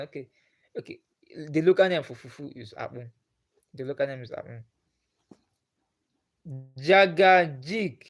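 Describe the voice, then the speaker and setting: On his live stream, a man with a Nigerian accent and a slightly high, darkish voice chats with his audience, asking them the same things again and again.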